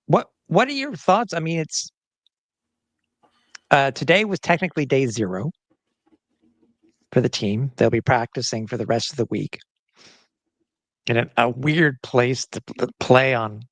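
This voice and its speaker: A man's voice: mid-range voice, lively intonation, measured pace, long pauses, dry recording. Chatty man hosting a sports podcast. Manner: chatty, with frequent restarts and fillers. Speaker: podcast host. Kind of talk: casual sports podcast chat.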